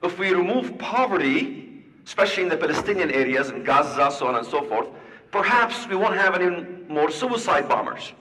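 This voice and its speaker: Guy playing a professor musing out loud, a little lower than usual, far off in an echoey hall. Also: sing-song, fairly quick, exaggerated voice. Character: reasoning male university professor.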